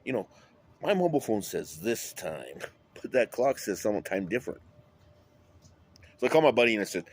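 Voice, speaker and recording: A man's voice: fairly low pitch, big pitch swings, moderate pace, long pauses, a little hiss or hum. A man talking in a rambling monologue, drifting between topics and swearing often. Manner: rambling, wandering, with frequent swearing.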